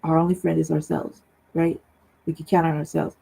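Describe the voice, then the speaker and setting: A woman with a gravelly, husky voice joins a livestream talk show over a remote streaming call. She talks in a casual, heated way, blunt and full of profanity, and keeps tagging her points with "right?". Her tone sits low and mellow. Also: flat delivery, a little fast, rough recording.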